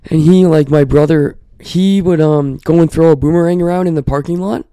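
A man's voice: on the high side, steady tone, a little fast, dark tone, smooth, no echo. A young Canadian man, a podcast co-host, telling profane neighbor stories in casual chat and acting out the people in them. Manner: profane storyteller, acts out neighbors' lines.

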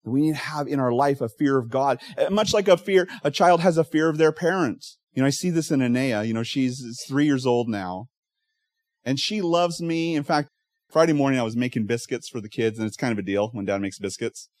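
A man, a pastor in his thirties, preaching a sermon in a conversational, animated storytelling way with asides. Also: mid-range voice, brisk, no echo.

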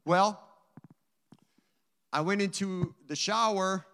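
A man's voice: high voice, slow pace, fairly bright tone, smooth, big-room sound. A man giving an earnest, emotional personal testimony to a church audience, telling his story with many asides. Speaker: guest speaker giving a testimony.

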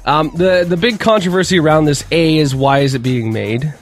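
A man's voice: on the high side, normal speed, faint music behind. A man hosting a radio show, reading entertainment news in a casual, matter-of-fact way.

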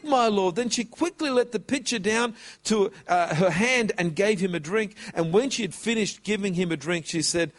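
A man preaching a sermon, telling a story and stretching out words for emphasis. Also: sits high. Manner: animated, drawn-out emphasis.

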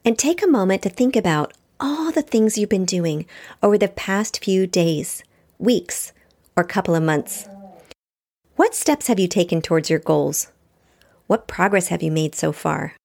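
A woman's voice: lowish voice, lively intonation, a little slow, gravelly, darkish tone. A woman hosting her own podcast, speaking straight to listeners in an upbeat, encouraging way and reading aloud from her book. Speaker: podcast host.

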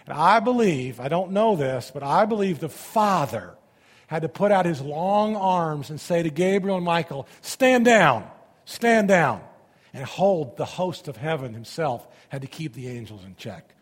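A man preaching a sermon, reading scripture aloud and commenting on it, swinging between loud emphasis and hushed asides. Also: a little high, lively intonation, normal speed, breathy edge, big-room sound.

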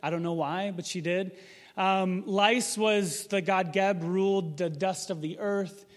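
A man's voice: high-pitched, fairly even intonation, a little slow, long reverb tail. A man preaching a sermon in a casual, conversational way, asking the room rhetorical questions. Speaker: pastor.

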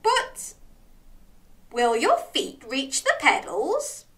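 A sweet, timid storybook dog, read by a woman gasps and frets in a high, bright voice. His voice lifts sharply whenever he is surprised. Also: huge pitch swings, extremely slow, exaggerated voice. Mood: eager. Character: kind, timid male dog who dreams of the sea.

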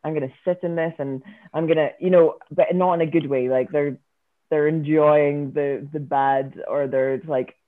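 A woman's voice: deep voice, fairly even intonation, measured pace. A Scottish woman, a yoga teacher guest, chatting casually with many fillers and frequent laughs. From Scotland. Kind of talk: casual podcast chat. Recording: tinny phone-like line.

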